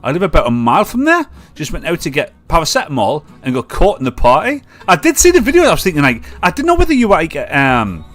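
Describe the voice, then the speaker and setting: A man's voice: a little high, huge pitch swings, quick pace, hardly any pauses, fairly bright tone. Chatty Mackem man hosting a live stream. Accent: Mackem (Sunderland). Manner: rambling, chatty, swears freely. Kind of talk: casual live-stream chat.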